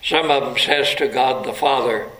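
A man's voice: mid-range voice, normal speed, sharp tone. A man preaching a sermon, telling the story dramatically and building to emphatic peaks. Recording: echoey room.

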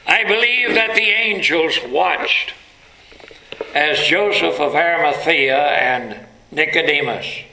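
A male preacher speaking slowly and deliberately, his voice gravelly and sharply bright. He tells the story dramatically, climbing to emphatic peaks. The sound carries the echo of a large room. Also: a little high, a little hiss or hum. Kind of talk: sermon. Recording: echoey room.

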